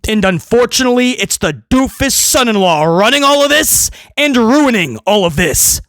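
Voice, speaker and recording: A man hosting a wrestling review, ranting sarcastically and swinging between loud mocking outbursts and low muttering. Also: animated, moderate pace, no echo, clean studio sound. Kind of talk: opinionated review rant.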